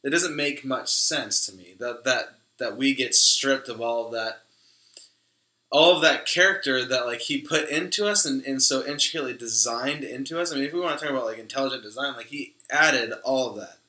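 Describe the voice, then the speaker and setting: A man's voice: mid-range voice, brisk, sharp tone, echoey room. A man co-hosting a casual discussion, often saying "like" and "you know what I mean". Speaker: podcast co-host.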